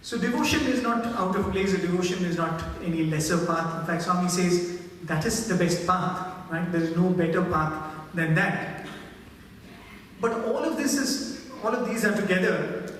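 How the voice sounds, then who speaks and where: Guy giving a spiritual talk, fairly high voice, super echoey hall, mic far away. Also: moderate pace, a little hiss or hum. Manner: animated storyteller, reverent. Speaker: spiritual speaker. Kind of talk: devotional talk with storytelling.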